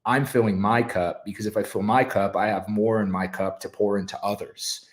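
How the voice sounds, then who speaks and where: A man's voice: on the low side, fairly even intonation, moderate pace. A man speaking as a podcast guest, earnest and encouraging, with lots of "like" and "you know". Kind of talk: casual podcast chat.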